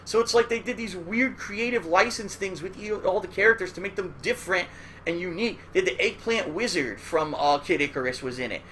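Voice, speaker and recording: High, bright-voiced man ranting casually. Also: brisk, a little hiss or hum. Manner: rambling, profane, keeps tagging "all right?". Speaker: host. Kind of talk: casual retrospective commentary.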